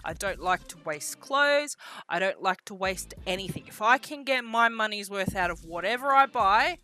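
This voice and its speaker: Bright-voiced woman telling a story. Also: medium pitch, normal speed, soft background music. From Australia. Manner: animated, swears casually, self-mocking. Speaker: vlogger. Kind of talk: casual storytelling.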